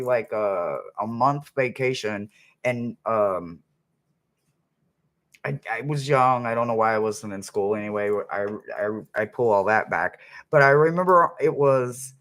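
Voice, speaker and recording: Man, livestream host, rambles and hums, mid-pitched voice. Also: a bit bright. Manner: chatty, rambling, hums and sings snippets. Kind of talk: casual livestream chat.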